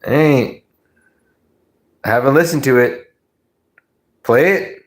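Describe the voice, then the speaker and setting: A man's voice: medium pitch, takes it slowly. A man hosting a livestream, chatting with viewers in a rambling, stammering way and swearing freely. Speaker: livestream host. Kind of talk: casual chat with stream viewers.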